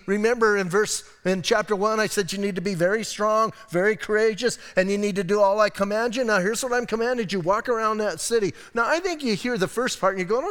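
A middle-aged man preaches in an easy, conversational way, often turning to his listeners directly. His voice sits fairly high. Long reverb from a church hall trails behind him. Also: brisk, few pauses, fairly bright tone. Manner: casual, chatty, addresses listeners as "man". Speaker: pastor. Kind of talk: conversational sermon.

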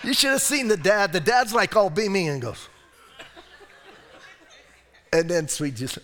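Speaking high and unhurried, with long pauses, an American man preaches as pastor in a church sanctuary's large hall. He leans into animated storytelling, tossing in jokes and asides.

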